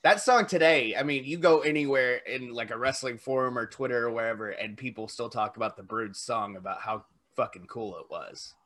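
A man's voice: medium pitch, a little fast, few pauses, a bit bright. A man co-hosting a podcast, chatting casually and swearing often while reminiscing. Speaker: podcast co-host. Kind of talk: casual chat.

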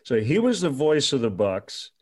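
A middle-aged man, a radio sportscaster, telling animated anecdotes in casual conversation, with laughing asides and filler pauses. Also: medium pitch. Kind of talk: casual storytelling.

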